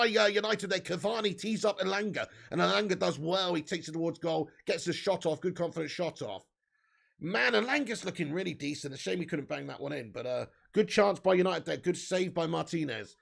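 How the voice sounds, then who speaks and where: Gravelly high-voiced man hosting a football watch-along. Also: brisk. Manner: banter with chat, swearing, excited bursts on chances.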